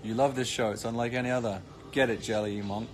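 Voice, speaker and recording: A man's voice: medium pitch, fairly even intonation, fast. A British man chatting casually on a live stream, reading comments with cheeky, joking banter. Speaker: actor streaming live to fans.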